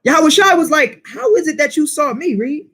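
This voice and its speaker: A man leading a Bible class, preaching in an animated way and firing questions at the listeners. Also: very high-pitched, normal speed.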